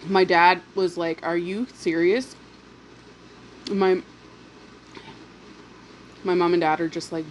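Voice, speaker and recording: Slow-talking woman vlogger, eating and ranting. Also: fairly low pitch, a little hiss or hum. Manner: animated, indignant storytelling with swearing; pauses to eat, chewing between phrases. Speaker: mukbang vlogger. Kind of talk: casual storytime while eating.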